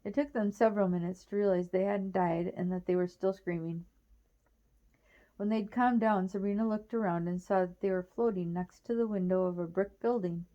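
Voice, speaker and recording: A woman reading a children's novel aloud in a plain, steady storytelling manner. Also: mid-range voice, moderate pace, muffled recording. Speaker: reader.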